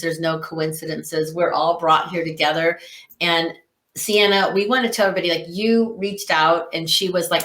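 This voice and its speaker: A woman hosting a community talk show, encouraging her guest and running the breaks. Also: fairly low pitch. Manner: warm, encouraging, gushing. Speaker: host. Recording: echoey room.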